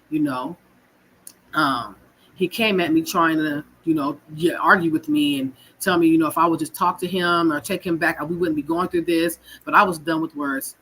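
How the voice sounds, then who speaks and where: A woman's voice: low-pitched, normal speed, a bit bright, slight background noise, low-quality recording. A woman from California telling her own story in a raw, frank, emotional way, swearing and repeating her words. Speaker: guest sharing her story. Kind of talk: personal storytelling.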